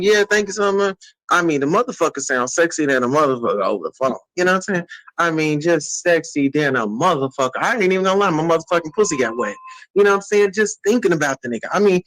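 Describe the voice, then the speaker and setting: A woman vlogger telling stories in a casual, profane rant that bursts into shouting. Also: on the low side, low-quality recording.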